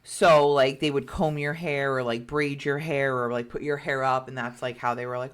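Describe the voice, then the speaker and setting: A woman's voice: very deep voice, fairly even intonation, moderate pace, hardly any pauses. A woman co-hosting a podcast, telling a story in a chatty way with lots of fillers and acted-out quotes. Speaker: podcast co-host. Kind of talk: casual storytelling chat.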